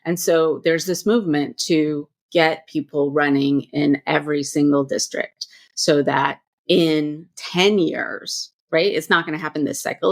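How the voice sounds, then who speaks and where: A woman hosting a podcast interview, making her points in a measured, reasoned way. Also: deep voice, fairly even intonation. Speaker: podcast host. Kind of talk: interview conversation.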